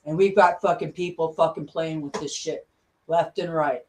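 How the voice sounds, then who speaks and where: A woman's voice: fairly low pitch, fairly even intonation, normal speed. A woman vlogger ranting angrily, swearing constantly and repeating herself. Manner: furious, swearing constantly, repetitive. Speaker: conspiracy vlogger. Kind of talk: angry profane rant.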